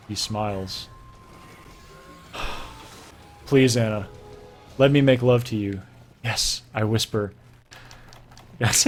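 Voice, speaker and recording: A young man giving a theatrical, hushed and breathy reading of a romance novel over gameplay, often breaking into laughter. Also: mid-range voice, a little hiss or hum. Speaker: gaming streamer.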